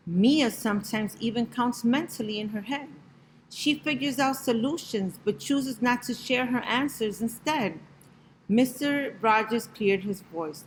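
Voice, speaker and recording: A woman reads a rhyming picture book aloud with a gentle, rhythmic lilt. Her pace is slow and unhurried, and faint noise sits behind her voice. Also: a little high, rough recording. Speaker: storybook reader.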